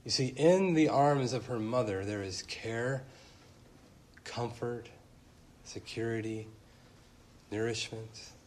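A man in his thirties delivers a sermon in a church, his medium-pitched voice shifting pace and swelling to loud, emphatic peaks. He speaks as a pastor to a congregation. A faint background noise sits under the recording. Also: slow, long pauses.

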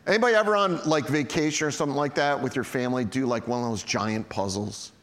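A middle-aged man, a pastor preaching a sermon, telling stories to the congregation in a lively way and often calling them guys. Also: medium pitch, fast, in a large hall. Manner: storytelling, animated, addresses the congregation as guys.

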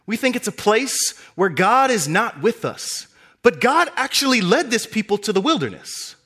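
Lively high-voiced male preacher. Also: normal speed, breathy edge. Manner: animated storytelling, acting out characters with big pitch swings. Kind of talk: sermon.

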